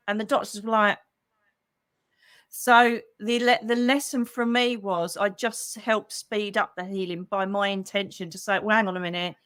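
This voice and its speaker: A woman's voice: medium pitch, no room sound, clean studio sound. Chatty woman telling a story. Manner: chatty, animated storytelling, acts out quoted voices, calls people darling. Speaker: psychic medium host. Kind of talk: livestream storytelling to members.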